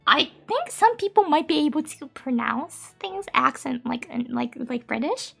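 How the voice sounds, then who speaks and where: Woman, Japanese accent, native Japanese speaker, very high voice, giggly and cutesy, casual stream chat. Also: expressive, normal speed, creaky, fairly bright tone, soft background music. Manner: giggly and cutesy, blowing kisses to viewers. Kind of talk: casual live-stream chat, reading viewer messages.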